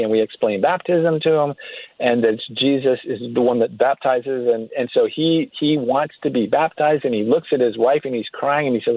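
A man's voice: medium pitch, brisk, no room sound. A man, a guest author, telling a story in an earnest radio interview, often restarting his sentences. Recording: tinny phone-line sound.

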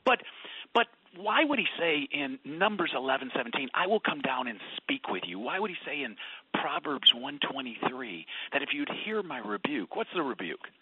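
Animated husky man on a phone line. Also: medium pitch, moderate pace, dry recording. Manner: animated storyteller, swings from loud to whispered. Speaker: radio talk guest. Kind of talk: Christian radio conversation.

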